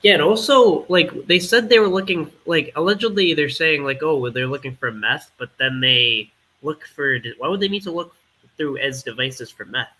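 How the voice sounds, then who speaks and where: A man chatting casually on a panel, agreeing often and filling pauses with "like" and "um". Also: on the high side, animated, sharp tone, low-quality recording. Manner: filler-heavy, agreeable. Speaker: panel participant. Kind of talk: casual online panel chat.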